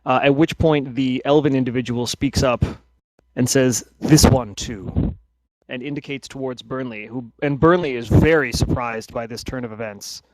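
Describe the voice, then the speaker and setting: A man's voice: medium pitch, steady tone, normal speed, no echo. Hesitant man narrating as game master. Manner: hesitant, with many restarts.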